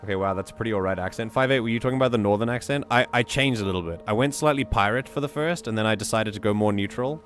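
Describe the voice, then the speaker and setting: A man with a South African accent, hosting and reading a community-written story aloud, breaking into animated, excitable asides between passages of steady narration. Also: lowish voice, very fast, few pauses, soft background music. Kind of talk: story reading with casual commentary.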